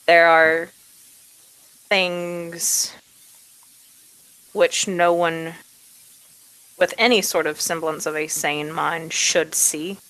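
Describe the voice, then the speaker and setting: Lady doing a serious guarded woman, slow careful lines, lowish voice. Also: flat delivery, a bit bright, heavily acted, low-quality recording. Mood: grave. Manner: slow, deliberate and measured. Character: grave, guarded woman speaking in confidence.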